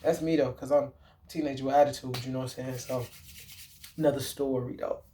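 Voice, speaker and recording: Rambling, slangy man with a mellow voice. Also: medium pitch, fairly even intonation, a little fast, slight background noise. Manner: rambling, slangy and profane, with frequent fillers and self-corrections. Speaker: vlogger. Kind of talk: casual movie talk.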